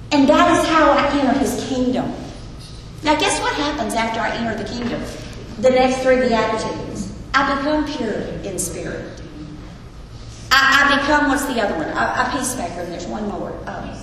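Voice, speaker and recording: A woman's voice: on the high side, lively intonation, normal speed, a bit bright, a little hiss or hum. A woman teaching a Bible lesson to a group, earnest and putting questions to her listeners. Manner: earnest, asks the audience questions. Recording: echoey hall with long reverb, faint ambience.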